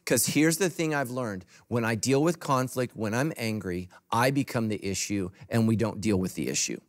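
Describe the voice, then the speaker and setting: A man serving as pastor gives a sermon to a church congregation at a moderate pace. His emphatic style swings from loud, punchy phrases down to soft, low side remarks.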